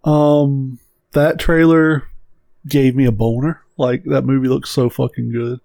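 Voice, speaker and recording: A man's voice: mid-range voice, level tone, a little slow, creaky, mellow, no echo. A man co-hosting a podcast in casual chat, blunt and emphatic, swearing freely. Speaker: podcast co-host.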